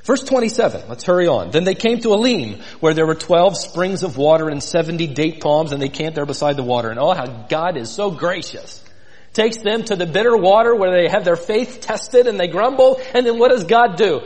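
A man delivers an expository sermon in a church sanctuary, retelling scripture vividly and inviting listeners to picture themselves in the story. His voice sits high and moves a lot in pitch. A long reverb from the large hall trails after his words. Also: animated, fairly quick. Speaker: preacher.

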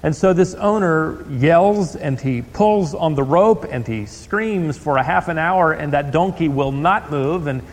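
A male pastor preaching a sermon in a church, telling stories with animated delivery and rhetorical questions. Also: on the high side, unhurried, hardly any pauses. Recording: long hall reverb.

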